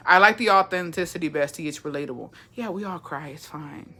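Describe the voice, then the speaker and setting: A woman's voice: deep voice, fairly quick. Sassy, profane young woman streamer. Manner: animated, profane, sassy, reads chat aloud. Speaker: livestream host. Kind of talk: casual livestream chat.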